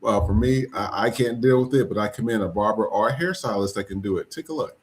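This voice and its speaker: A man hosts a casual podcast, greeting viewers and easing into topics. His voice sits low and he rambles with fillers. The talk is loose and friendly. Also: fast talker, background noise. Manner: relaxed, rambling with fillers and shout-outs. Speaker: podcast host.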